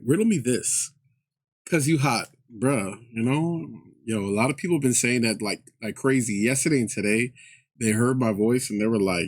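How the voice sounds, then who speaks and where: A man's voice: mid-range voice, animated, normal speed. A young man streaming live, chatting casually with viewers in laid-back slang and laughing often.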